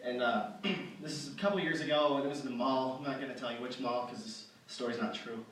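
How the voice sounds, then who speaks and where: Captured from far off in an echoey hall with a little hiss or hum, a young comedian talks fast in a mid-range, slightly bright voice with fairly even intonation. His stand-up set at an arts center is a rambling, self-mocking story, riddled with fillers and false starts.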